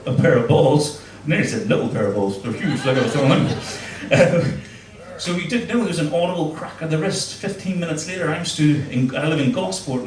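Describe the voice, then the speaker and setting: A man's voice: fairly high pitch, a little mellow, slight background noise. A middle-aged man doing a crude, self-mocking stand-up set on a club stage with a handheld mic. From Northern Ireland. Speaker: stand-up comedian. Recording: echoey club room, mic heard from a distance.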